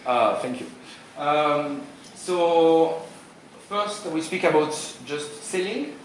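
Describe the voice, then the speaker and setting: A man's voice: medium pitch, a bit bright, distant mic, slight background noise. French-accented man, very echoey hall. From France. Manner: informal, joking, quizzes the audience. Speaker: seminar speaker. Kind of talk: conference presentation. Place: hotel conference room. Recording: very echoey room, voice from afar.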